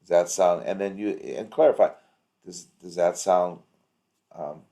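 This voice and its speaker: A man's voice: low voice, unhurried, gravelly, warm tone. A man coaching a practice owner over a video call, rambling through anecdotes with an upbeat, encouraging manner. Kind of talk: casual coaching chat.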